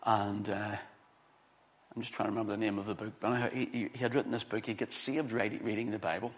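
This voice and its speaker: A man's voice: lowish voice, steady tone, fast. A middle-aged man preaching a sermon and telling a story from his own life, earnest and building to emphatic stresses.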